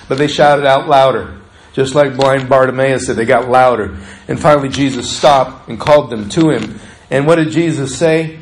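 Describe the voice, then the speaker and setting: A pastor preaching a sermon, asking the congregation questions and often dropping his voice low and slow. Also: slight background noise, poor audio. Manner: preachy, asks the listeners questions, often drops soft and slow.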